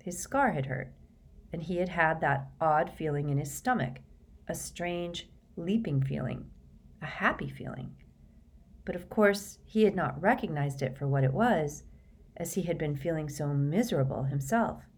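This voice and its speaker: Low-voiced woman narrator, steady measured audiobook reading. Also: husky. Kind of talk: scripted narration.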